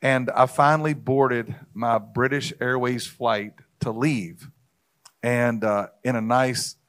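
A man's voice: mid-range voice, steady tone, slow pace, a bit bright. A man in a casual discussion, telling an anecdote in an easygoing, storytelling way.

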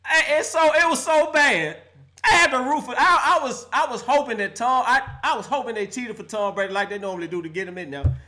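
A man's voice: very high voice, expressive, brisk, bright, forceful tone. A man hosting a live call-in sports show, roasting players and fans with playful trash talk and frequent laughter.

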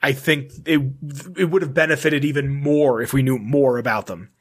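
A man's voice: medium pitch, moderate pace. Man reading notes aloud on a podcast. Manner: reads aloud with offhand asides and casual swearing. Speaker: podcast host.

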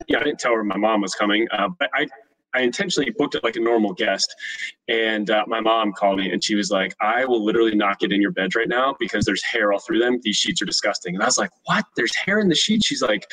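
Fast, bright-voiced young man. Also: mid-range voice, distant mic, rough recording. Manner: animated, acts out quoted voices in his stories. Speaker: podcast guest, short-term rental host. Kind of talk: casual interview storytelling.

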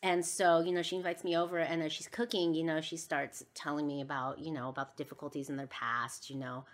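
A woman's voice: sits low, level tone, brisk. A woman hosting a podcast, telling a personal story in a rambling way with many fillers. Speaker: podcast host.

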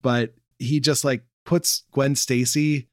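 A young man co-hosting a casual chat, laid-back and quick to laugh. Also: mid-range voice, level tone, dry recording, studio quality. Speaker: podcast co-host.

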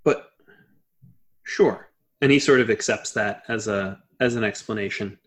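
A man's voice: fairly low pitch, brisk. Man running a tabletop game. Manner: relaxed, conversational narration. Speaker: game master.

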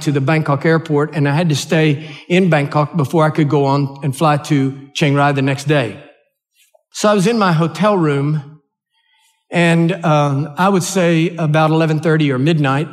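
An older man with an American accent, preaching a sermon and telling a personal story in an earnest, halting way, often restarting his words. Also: a little high. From United States. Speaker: pastor.

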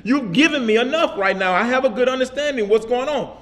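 A man with a high-pitched voice delivers a sermon in relaxed, everyday speech. He circles back on his phrases and keeps checking in with his listeners through a steady "amen?". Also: brisk. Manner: repetitive call-and-response preaching with frequent "amen?"; casual vernacular speech. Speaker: pastor.

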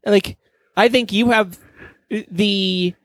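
A man's voice: high-pitched, fairly even intonation, very slow, a bit bright, no room sound. A man on a podcast in casual chat, rambling and flustered, swearing often and laughing nervously. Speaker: podcast co-host. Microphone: studio microphone.

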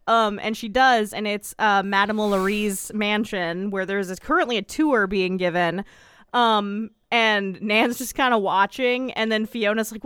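A woman co-hosting a casual recap podcast, chatty and quick to laugh, swearing casually. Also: mid-range voice, a bit bright, smooth, dry recording. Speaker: podcast co-host.

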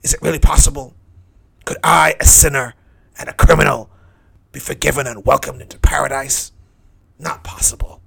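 A man's voice: fairly even intonation, normal speed, gravelly, long pauses, fairly bright tone, husky, full character voice. A man performing a dramatic first-person monologue as a hardened, bitter thief dying on a cross, brooding and cynical. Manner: brooding, cynical, low-key.

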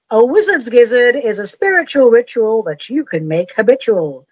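A playful woman hosts her podcast, joking at her own expense and reading comic rhymes. Her voice is a little high and breathy and rises and falls a lot. She takes her time over every line, and the sound is close and dry. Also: animated, normal speed, hardly any pauses, a little mellow, dry recording, rough recording. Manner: whimsical, self-mocking, jokey. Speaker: podcast host.

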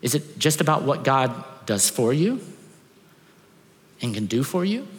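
A man's voice: mid-range voice, sing-song, measured pace. A man pastor preaching a sermon, emphatic and full of rhetorical questions. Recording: long hall reverb.

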